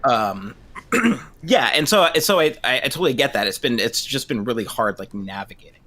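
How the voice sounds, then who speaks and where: Bright-voiced hesitant male therapist. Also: mid-range voice, animated, moderate pace. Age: 30s. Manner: hesitant, many restarts and fillers. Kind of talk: casual discussion.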